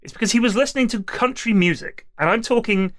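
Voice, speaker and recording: A man's voice: very high voice, quick pace, fairly bright tone. A middle-aged man chatting casually as a podcast co-host, rambling through a story and swearing freely.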